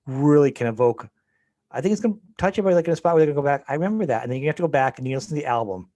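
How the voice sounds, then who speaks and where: A male podcast host who talks fast and rambles through his thoughts with plenty of enthusiasm. The sound is dry and close, as if he is recorded in a small treated room. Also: fairly high pitch, expressive, dark tone, no room sound. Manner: rambling, enthusiastic, quick to laugh. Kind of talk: casual chat.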